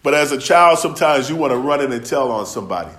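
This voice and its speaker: A man's voice: medium pitch, lively intonation, fast talker, fairly bright tone. A man preaching a sermon, telling stories in a loose, conversational way with laughs along the way. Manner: storytelling, conversational, with dialect and laughs.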